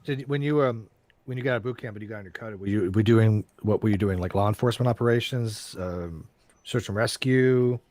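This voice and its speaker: A man's voice: lowish voice, fairly quick, darkish tone, no room sound. A man interviewing a veteran in a casual chat, asking follow-up questions conversationally.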